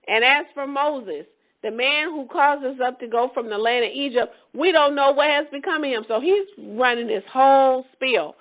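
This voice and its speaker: High-voiced woman teaching scripture over a phone line. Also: a little slow. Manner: reads verses aloud then retells them in lively casual paraphrase. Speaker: Bible teacher. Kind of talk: scripture teaching, reading and explaining. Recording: tinny phone-line audio.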